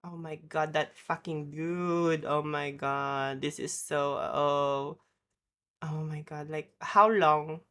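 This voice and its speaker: A woman rants casually on a stream, sweary and rambling, breaking off to apologize. Her voice sits low in pitch but has a bright, forward edge. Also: steady tone, slow. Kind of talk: casual ranting chat.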